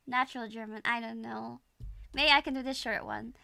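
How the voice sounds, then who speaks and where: A woman's voice: fairly high pitch, fairly even intonation, brisk, vocal fry, sharp tone, no room sound, studio quality. A woman streamer chatting casually and playfully, giggling as she tries things out. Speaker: livestreamer. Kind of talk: casual livestream chat.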